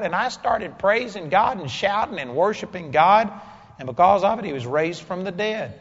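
In a dull, echoey hall, a man delivers a sermon in a forceful, blunt style that swells into loud outbursts. He has a fairly high pitch and lively intonation, keeping a moderate pace.

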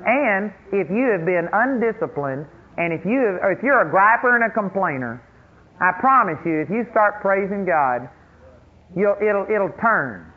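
A man preaching a sermon as pastor, emphatic and quick to act out the voices of complainers. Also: high voice, animated. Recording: tinny phone-like radio broadcast, faint noise.

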